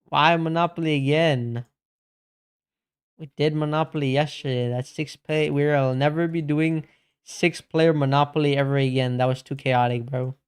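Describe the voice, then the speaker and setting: A man's voice: fairly high pitch, steady tone, moderate pace, clear, resonant tone. A man streaming casually, chatting slangily and calling everyone bro while answering his chat.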